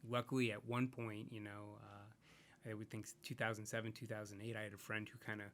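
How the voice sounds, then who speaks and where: A man's voice: lowish voice, level tone, fairly quick, a bit bright, slight background noise. A man talking casually as a podcast guest, rambling and reflective, with many fillers and restarts. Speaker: podcast guest, comics creator. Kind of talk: casual interview chat.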